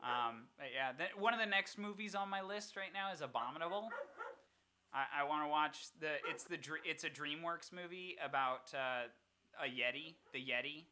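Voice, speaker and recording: A young adult podcast co-host chatting casually and telling animated stories. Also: medium pitch, normal speed, a little hiss or hum. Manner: animated storyteller. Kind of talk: casual chat.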